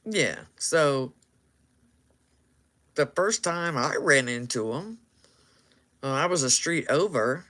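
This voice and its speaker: A man's voice: fairly high pitch, lively intonation, takes it slowly, pauses often, pushed and bright. A man casually telling a story, laughing often and acting out what people said.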